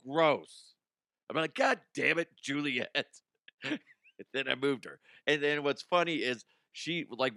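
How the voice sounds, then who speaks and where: A middle-aged man hosts a comedy news podcast, spinning a rambling, self-amused anecdote and breaking into laughter as he goes. His voice is bright and forward, with a dry, close sound and no room around it. He has an easy, mid-pitched delivery. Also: no echo. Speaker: podcast host. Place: podcast studio.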